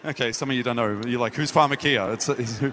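A man's voice: mid-range voice, steady tone, fast, fairly bright tone, slight background noise. A man with an Australian accent preaching a sermon in a meeting hall, telling a story and acting out his own lines. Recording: echoey hall.

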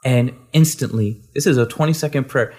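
A man shares a ministry testimony in a loose, storytelling way. He doubles back and restarts his sentences often. His voice sits at an ordinary middle pitch. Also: fairly quick, darkish tone. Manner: rambling, full of restarts. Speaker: guest minister.

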